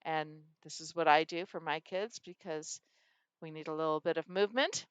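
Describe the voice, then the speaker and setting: A woman's voice: deep voice, moderate pace, smooth, no room sound. A woman reading teacher explaining a phonics game and acting out her students' answers. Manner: animated, acts out student answers.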